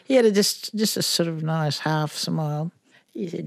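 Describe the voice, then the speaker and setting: Speaking at an ordinary pace in a low, gravelly voice, this older musician from northern Queensland, Australia, is a guest in an interview. She tells an anecdote with lots of animation, performing the voices within it, and the studio recording is clean and echo-free.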